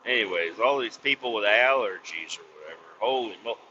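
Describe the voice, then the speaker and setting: A man hosting a podcast, ranting bluntly with lots of swearing and sudden loud outbursts. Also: lowish voice, animated, fairly quick, noisy background. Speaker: podcast host. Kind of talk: profane comic rant. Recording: slightly dull lo-fi recording.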